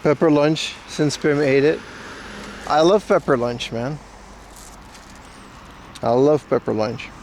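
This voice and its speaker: A man's voice: on the high side, slow pace, pauses often, noisy background. A man casually chatting with his livestream viewers while walking outdoors, loose and slangy. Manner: loose slangy banter, reads chat. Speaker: IRL livestreamer. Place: outdoors on city streets.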